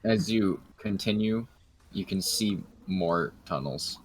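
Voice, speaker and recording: A man narrating as game master for a tabletop game over voice chat, calm and plain with fillers. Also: low-pitched, takes it slowly, slightly rough.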